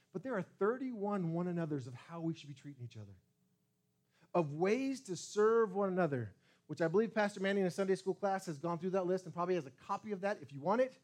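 Male pastor, fairly high voice, very lively pitch, preaching a sermon, swinging loud and soft. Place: church sanctuary.

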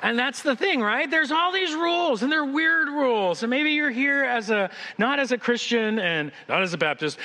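A man's voice: extremely high pitch, lively intonation, moderate pace, hardly any pauses, pushed and bright, big-room sound. A man preaching a sermon as senior pastor to a church congregation. He talks in a conversational, joking way, with frequent restarts. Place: church sanctuary.

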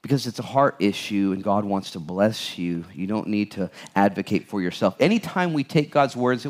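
A man preaching a sermon as pastor, animated, acting out the people in the Bible passage with jokes. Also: lowish voice, a little fast, few pauses.

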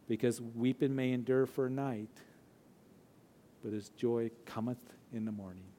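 A man's voice: mid-range voice, steady tone, warm tone. Emphatic male pastor preaching. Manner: emphatic preaching with deliberate, slowed phrases. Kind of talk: verse-by-verse sermon. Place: church.

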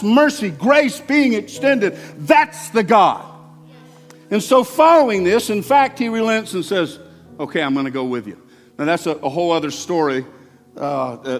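A male pastor with a high voice preaches in a church sanctuary, his words ringing with long hall reverb. He shifts between forceful emphasis and hushed, intimate asides. Faint instrumental music sits low behind him. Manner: conversational preaching, swings from loud emphasis to soft asides. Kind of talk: sermon.

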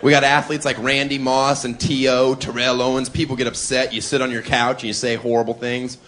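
A man's voice: medium pitch, little pitch movement, fairly quick, slight background noise. A man doing a sardonic stand-up comedy routine. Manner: sardonic, builds to shouting.

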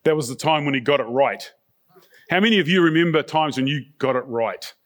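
A man's voice: a little high, lively intonation, fairly quick, a bit bright. Conversational male pastor preaching. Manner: conversational, asks the congregation rhetorical questions. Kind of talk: sermon.

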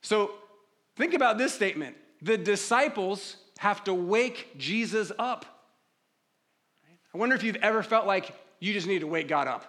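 A man's voice: sits high, lively intonation, moderate pace. A man preaching a sermon as a pastor, talking conversationally and acting out pleading prayers. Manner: conversational preaching, acts out pleading prayers, drops to quiet reflective tone.

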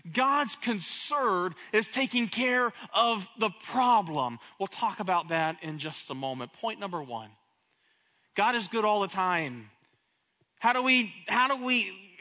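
Pastor guy preaching, high bright voice, goes quiet then gets loud and fired up, repeats his words a lot. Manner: impassioned preaching, swings between hushed and loud; repeats words when starting phrases. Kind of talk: sermon.

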